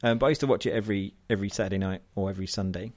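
Southern English man, low-ish voice, wry podcast co-host prone to rants. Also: rapid-fire. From southern England. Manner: wry, ranting, self-deprecating. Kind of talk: casual chat.

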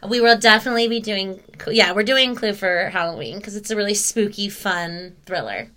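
Bright-voiced chatty woman. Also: medium pitch, fairly quick. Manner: enthusiastic, chatty, laughs often. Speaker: podcast co-host. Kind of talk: casual film discussion.

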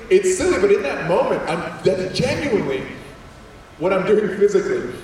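A man telling a personal story to an audience of students, animated and quick to act out voices, with many restarts. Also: sits high, a little hiss or hum. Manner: animated, acts out voices, repeats words. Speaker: speaker addressing students. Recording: echoey hall from far off.

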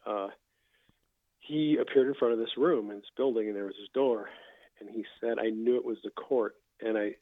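A man hosting a casual faith conversation, calmly recounting testimonies he has heard. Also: medium pitch, no echo. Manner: relaxed storyteller, recounts others' testimonies. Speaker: podcast host. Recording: tinny phone-like line.

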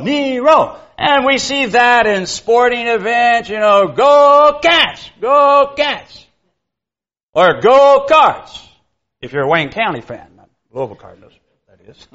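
A man's voice: high voice, a bit bright. A man teaching a Bible lesson to a congregation in a folksy, conversational way. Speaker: preacher. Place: church. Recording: dull lo-fi sound.

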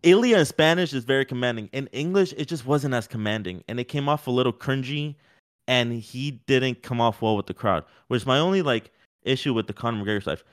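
A man co-hosting a podcast, talking in a rambling, animated, casual way with many fillers. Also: medium pitch, a little fast. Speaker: podcast co-host. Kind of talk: casual sports chat.

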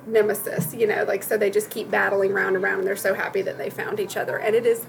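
A woman's voice: medium pitch, little pitch movement, quick pace, creaky, soft background music, low-quality recording. A woman and mother chatting casually on a podcast, gushing and giggly about a children's book. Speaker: podcast co-host, mom. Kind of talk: casual chat.

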